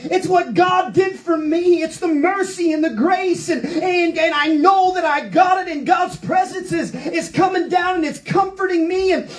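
Fervent high-voiced woman preacher. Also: a little slow, hardly any pauses, rough recording. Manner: fervent preaching, quoting scripture aloud. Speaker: Pentecostal preacher. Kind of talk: sermon.

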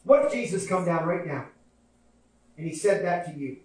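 High-pitched shouting preacher in echoey hall. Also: male voice, lively intonation, moderate pace. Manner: shouting, acting out voices of people in the story. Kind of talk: sermon. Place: church sanctuary. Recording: very echoey hall, mic from a distance.

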